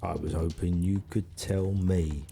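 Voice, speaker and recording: A man's voice: low-pitched, fairly even intonation, a little slow, gravelly, mellow, slight background noise. A man reading as a stern male police inspector in a murder mystery game, asking blunt, probing questions.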